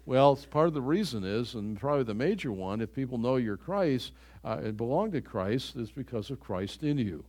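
A man's voice: mid-range voice, lively intonation, moderate pace, a little mellow. An older man delivers a sermon in a church. He preaches in an earnest, conversational way and often restarts his phrases mid-thought. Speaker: pastor.

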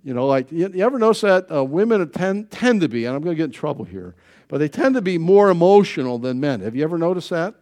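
A man's voice: on the high side, very animated, fast, darkish tone. A man preaching a sermon to a congregation, folksy and conversational, with joking asides and rhetorical questions. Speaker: pastor.

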